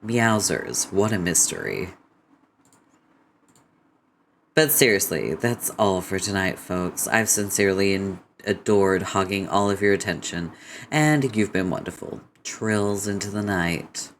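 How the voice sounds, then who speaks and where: A man's voice: deep voice, lively intonation, measured pace, a little hiss or hum. A man voicing a sly, catlike young woman in a webcomic read-aloud, arch and mock-grand. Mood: grandly signing off.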